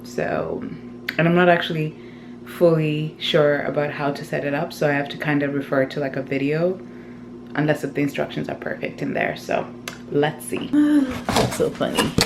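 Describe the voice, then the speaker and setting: A woman's voice: deep voice, flat delivery, normal speed, creaky, noisy background. A woman vlogging casually at home, chatty and rambling, with frequent fillers like "like". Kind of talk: casual unboxing vlog. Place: at home, indoors.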